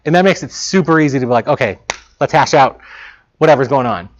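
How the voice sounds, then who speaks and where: A man's voice: mid-range voice, quick pace. A man giving an informal talk to students as a game developer, casual and chatty, often acting out his own past remarks. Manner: casual, chatty, quotes himself in lively asides. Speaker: guest speaker, game developer. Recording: dull lo-fi talk recording.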